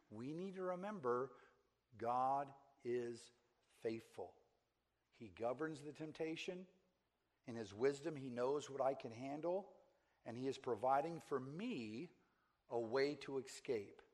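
This is a sermon delivered by an earnest man with an ordinary, middle-pitched voice. He repeats his key phrases for emphasis and often checks in with his congregation through a quick question.

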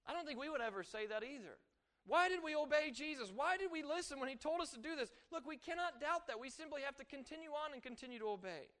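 A man preaching a sermon, animated, rising and falling for emphasis and acting out quoted voices. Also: extremely high pitch, quick pace.

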